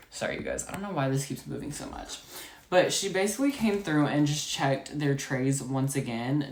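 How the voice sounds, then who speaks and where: A woman's voice: low voice, reverberant. Chatty congested young woman with a drawl. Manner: chatty, many likes and you-know-what-I-means. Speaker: storytime vlogger. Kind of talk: casual storytime chat.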